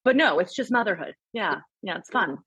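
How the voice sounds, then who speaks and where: A woman's voice: medium pitch, expressive, a little fast, fairly bright tone, breathy edge, no room sound, lo-fi sound. A woman in her thirties, a podcast guest, talking bluntly and animatedly and swearing freely in casual chat.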